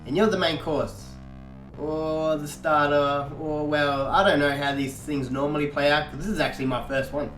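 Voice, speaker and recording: A man's voice: medium pitch, fairly bright tone, close to an everyday voice. A man voicing a cocky, sarcastic male biker vampire hunter in a mocking, taunting manner. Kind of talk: audiobook character reading. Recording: echoey room, faint guitar music.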